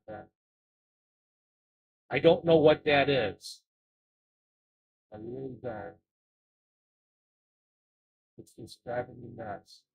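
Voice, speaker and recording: A man hosting a casual live stream who talks in a halting way and often repeats his words. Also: mid-range voice, narrow, tinny audio.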